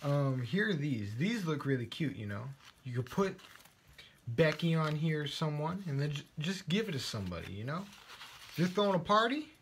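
A man's voice: a little high, very animated, moderate pace, a little hiss or hum. A man with a Texan accent, guest-presenting a live craft show in a playful, silly way, joking as he reads viewer comments.

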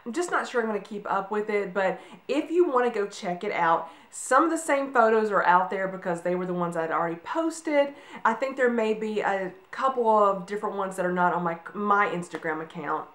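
A woman in her forties talks casually to her camera, loose and rambling, with plenty of ums. Her voice sits at a middle pitch, and the room around her rings with echo. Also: fairly bright tone. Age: 40s. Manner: chatty, rambling, with frequent ums. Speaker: vlogger. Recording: echoey room.

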